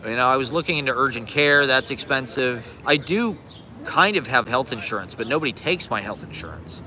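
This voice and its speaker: A man's voice: mid-range voice, animated, brisk, sharp tone. A man in his forties live streaming outdoors on a city street from a handheld phone, ranting in a rambling, profane, sarcastic and self-deprecating way. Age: 40s. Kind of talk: casual live stream rant.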